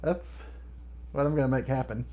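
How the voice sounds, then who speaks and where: A man's voice: medium pitch, steady tone, moderate pace, warm tone. A middle-aged man hosting a livestream, chatting casually and laughing often as he reads viewer comments. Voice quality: laughs often between remarks. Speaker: livestream host.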